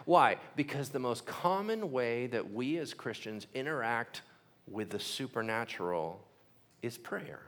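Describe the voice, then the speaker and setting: A man's voice: mid-range voice, lively intonation, a little slow, a bit bright. A man preaching a sermon, telling the stories animatedly with sound effects and acted-out quotes.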